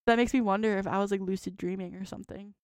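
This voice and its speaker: Smooth-voiced woman in her twenties. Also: mid-range voice, steady tone, fast, no room sound, clean studio sound. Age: 20s. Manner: rambling, frequent "like" fillers. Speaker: podcast co-host. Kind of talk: casual chat, reading a dream journal.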